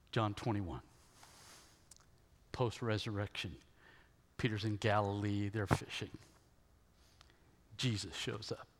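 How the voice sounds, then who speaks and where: A male pastor preaching a sermon, retelling a story emphatically and checking in with the congregation with quick rhetorical questions, in a large hall. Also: on the low side. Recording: long hall reverb.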